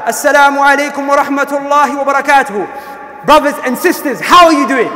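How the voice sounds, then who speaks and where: A man preaching a sermon with impassioned delivery, often rising to near shouting. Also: very high-pitched, very fast. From South Asia. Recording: echoey hall.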